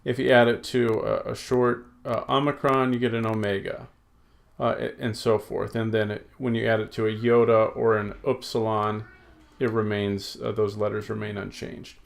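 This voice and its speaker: A man's voice: fairly low pitch, flat delivery, normal speed, vocal fry. A man teaching a recorded language lesson at his computer, explaining step by step in a patient, methodical way with frequent fillers. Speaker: Greek teacher.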